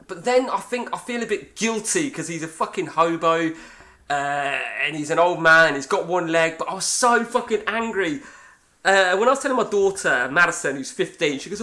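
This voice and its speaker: A man's voice: fairly high pitch, pushed and bright. A man in his forties with an English accent, chatting casually and swearing freely while playing a game and telling a rambling story. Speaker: gaming channel host. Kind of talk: casual chat over a game session.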